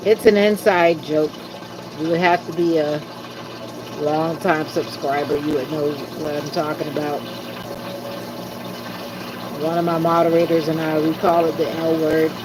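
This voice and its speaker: A woman's voice: sits low, flat delivery, measured pace, long pauses. A woman from South Florida hosting a casual livestream, chatting and reading viewer comments aloud. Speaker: livestream host. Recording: loud background hum of air conditioning and engine.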